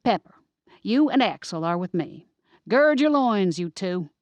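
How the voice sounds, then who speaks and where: A woman voicing a brisk, commanding older woman giving orders in an audiobook. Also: mid-range voice, expressive, no echo, muffled recording, natural voice.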